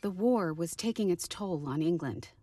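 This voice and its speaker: A woman narrating as a granddaughter, telling her grandmother's wartime story in a calm, measured way. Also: lowish voice, a little hiss or hum, lightly acted. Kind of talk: scripted documentary narration.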